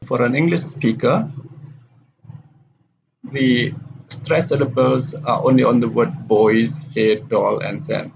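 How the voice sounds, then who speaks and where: Slow and creaky, a man's mid-range voice stays steady as he pauses often during a classroom lecture on word stress. He reads sample sentences and then explains which words get stressed. There's faint background noise on a dull, lo-fi recording.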